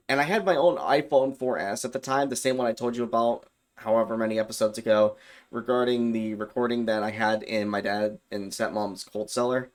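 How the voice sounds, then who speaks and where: A man's voice: mid-range voice, steady tone, fairly quick. A young man casually telling a personal story, loose and rambling, with fillers and self-corrections. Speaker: YouTube storyteller.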